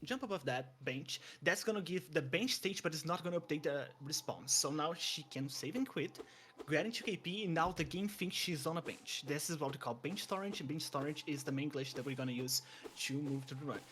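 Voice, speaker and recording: Young male speedrun commentator, higher pitch, excitable, frequent restarts, light background hiss. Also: a little fast. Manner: eager, stumbling restarts, chuckles. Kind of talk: live game commentary.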